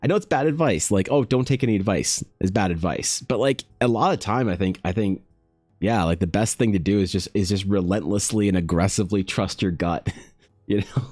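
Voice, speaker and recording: This dry recording features a man with a low, darkish voice at a moderate pace. An artist, he chats casually with his live-stream audience, rambling, poking fun at himself, and often addressing viewers by name.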